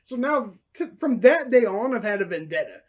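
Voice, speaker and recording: A man's voice: sits high, sing-song, normal speed. A man co-hosting a casual podcast chat, laid-back and teasing, laughing along with his co-host.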